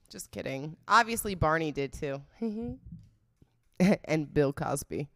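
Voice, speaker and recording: A young woman hosting a casual livestream, loud and laughing, swearing often as she chats to her viewers. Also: lowish voice, expressive, slow, pauses often. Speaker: livestream host.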